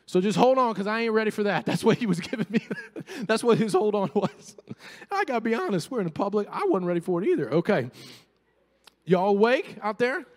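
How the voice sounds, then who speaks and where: A pastor preaches a sermon to his church congregation, his high voice leaping up and down at a fairly quick clip as he shifts from playful, humorous asides to fervent appeals and calls to the people. Each phrase trails a long reverb through the sanctuary.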